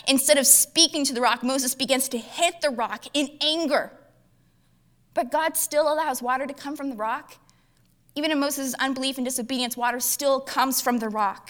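A woman preacher teaching a Bible passage in a lively, conversational, humorous way. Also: high voice, moderate pace.

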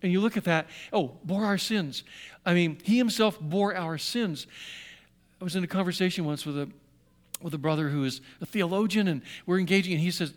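A man preaching a sermon, swinging from hushed tones to loud emphasis and repeating phrases to drive them home. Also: high-pitched, brisk.

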